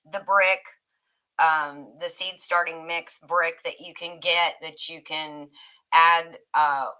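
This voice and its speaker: A woman's voice: fairly low pitch, pushed and bright, highs cut off. A woman hosting a casual livestream chat, reading viewer comments aloud and laughing often. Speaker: livestream host.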